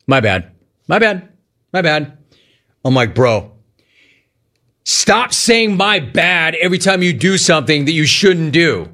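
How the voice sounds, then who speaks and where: A man hosting a sports talk show, talking casually in a mocking, animated way with quick asides. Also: a little high. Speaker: sports talk radio host.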